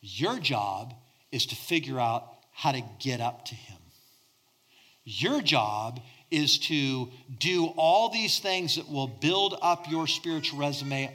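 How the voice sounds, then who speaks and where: Man, middle-aged, pastor, sermon, bright tone, slightly high pitch, animated delivery. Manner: animated preaching, swinging between loud emphasis and hushed near-whispers.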